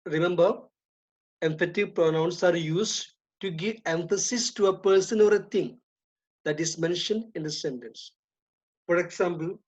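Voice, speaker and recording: A woman teaching an English grammar lesson, speaking deliberately, repeating and stressing key terms. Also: lowish voice, darkish tone. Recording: dull lo-fi recording.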